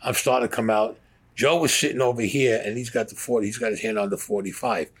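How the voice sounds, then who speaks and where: A man's voice: mid-range voice, steady tone, fast talker. An older man telling his own crime story in an interview, in blunt, profane street talk. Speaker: former mobster interviewee.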